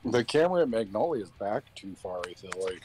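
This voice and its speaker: Man, casual chat, laid-back, hesitant, low voice. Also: sing-song, a little fast, a little mellow, soft background music. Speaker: friend watching the stream.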